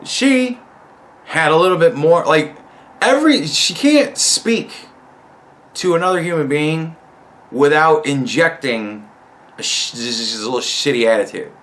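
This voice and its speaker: A man's voice: fairly high pitch, animated, a little slow, a bit bright. A young man telling a long, rambling story about a coworker in a profane, exasperated way. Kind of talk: casual storytelling rant.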